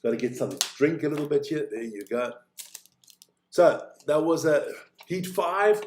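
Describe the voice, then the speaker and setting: With a little hiss or hum in the audio, a slightly high-voiced man hosts a snowboard race watch-along stream at normal speed. His live commentary is casual and jokey, chatty between heats and excitable during runs.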